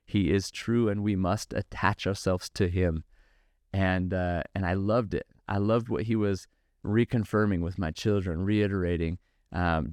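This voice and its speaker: A middle-aged man hosting a podcast, giving an earnest, measured monologue about faith and values with preacherly repetition. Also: fairly low pitch, no room sound, studio quality. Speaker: podcast host and company founder. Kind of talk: reflective faith-based monologue.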